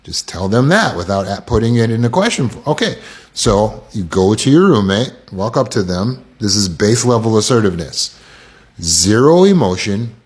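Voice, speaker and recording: A man's voice: fairly low pitch, sing-song, moderate pace, slightly rough. A man with an American accent giving a casual self-help talk, acting out quoted lines in shifting voices.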